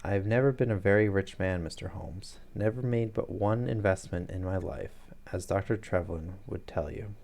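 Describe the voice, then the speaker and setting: A man's voice: deep voice, normal speed, gravelly, darkish tone. A man voicing a fat, nervous, frightened middle-aged man who pleads anxiously.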